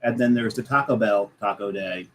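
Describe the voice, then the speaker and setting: A man's voice: fairly low pitch, normal speed, fairly bright tone, slight background noise, rough recording. A man co-hosting a casual talk show who explains things at length in a methodical way. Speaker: co-host. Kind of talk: casual chat.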